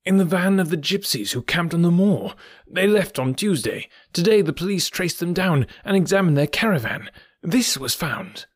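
A man voicing an agitated, eager male schoolmaster who speaks in excited exclamations. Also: high voice, normal speed, breathy edge, no echo, clean studio sound, voice pushed up, heavily acted.

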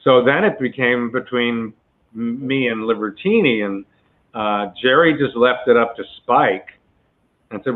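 A man's voice: medium pitch, a little slow. Man telling anecdotes over a phone line. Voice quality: chatty, peppered with asides. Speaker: actor guest telling a story. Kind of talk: relaxed anecdotal interview.

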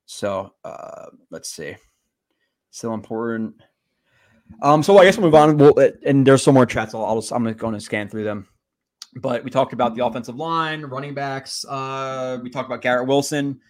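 A man's voice: mid-range voice, darkish tone. A man co-hosting a sports podcast in casual chat, rambling and blunt, with the odd curse. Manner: rambling, quick, blunt and profane. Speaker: podcast co-host. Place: livestreamed podcast reading chat.

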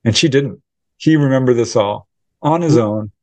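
A man, a researcher and author, answering interview questions as a lively storyteller who acts out the voices of people in his account. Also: medium pitch, moderate pace, no room sound. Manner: animated storyteller acting out quoted dialogue. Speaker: UFO researcher and author, guest.

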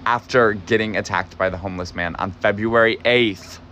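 A man's voice: fairly low pitch, normal speed, sharp tone, muffled recording, slight background noise. A young man telling a story in a casual, agitated way, cursing often for emphasis. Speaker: podcast host, former barista.

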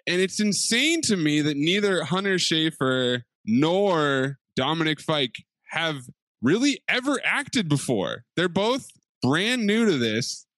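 A man co-hosting a podcast, talking in an animated, jokey way about a TV show. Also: on the high side, takes it slowly, no echo. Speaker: podcast co-host. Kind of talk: casual chat about a TV show.

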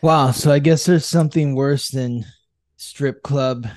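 A man hosting a podcast, chatting casually and asking gentle, attentive questions. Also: mid-range voice, steady tone, unhurried, dry recording. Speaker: podcast host and astrologer. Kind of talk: casual chat.

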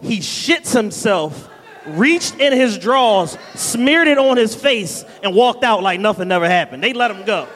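A man's voice: high voice, animated, unhurried, fairly bright tone. A man co-hosting a live podcast, chiming in with playful, profane jokes and stories. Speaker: podcast co-host. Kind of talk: live comedic banter. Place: live stage show in a studio venue. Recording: long hall reverb from a live venue.

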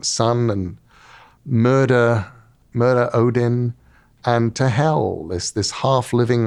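A middle-aged man talks in a relaxed interview as a guest author. He tells stories with energy, slipping into little voices for the characters. His voice sits at an average pitch. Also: clear, resonant tone. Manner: lively storyteller, acts out quotes. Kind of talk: casual interview talk.

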